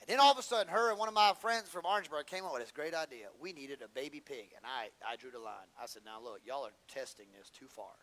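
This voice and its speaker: A man's voice: fairly high pitch, lively intonation, fast talker, few pauses, a bit bright. A man preaching a sermon, telling humorous stories in folksy slang.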